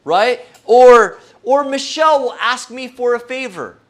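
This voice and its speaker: Male pastor, middle-aged, slow deliberate sermon with self-deprecating humor. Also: very high voice, lively intonation. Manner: humorous, self-deprecating, asks the audience questions. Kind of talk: conversational sermon.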